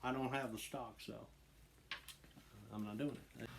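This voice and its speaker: A relaxed male host talking through an airsoft gun in a casual, half-scripted way. He swears freely and cracks up at his own slip-ups, with a mid-pitched voice. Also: a little slow, pauses often, background noise. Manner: laid-back, swears a lot, laughs at his own flubs. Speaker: channel host reviewing airsoft guns. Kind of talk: casual scripted video talk with outtakes.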